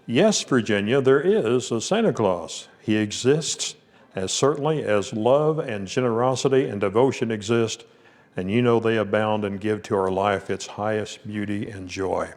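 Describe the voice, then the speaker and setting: A man hosting, asking questions and reading a passage aloud in a measured, even way. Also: fairly low pitch. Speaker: host.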